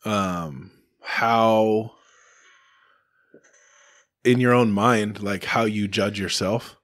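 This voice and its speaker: A man's voice: on the low side, steady tone, drawn-out words, fairly bright tone, dry recording. A man co-hosting a podcast in casual chat, laid-back and chatty, with many fillers. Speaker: podcast co-host.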